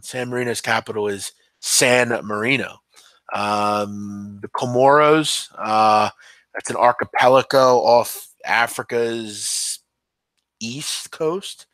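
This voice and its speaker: With a fairly low, bright, forceful voice and no room sound, a podcast host rambles through a casual live-stream chat, answering viewers hesitantly amid ums and restarts.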